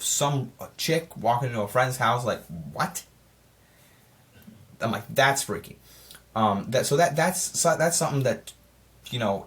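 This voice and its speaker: Brief: excitable male film reviewer, casual and rambling, mid-range pitch. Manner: rambling, excitable, self-correcting.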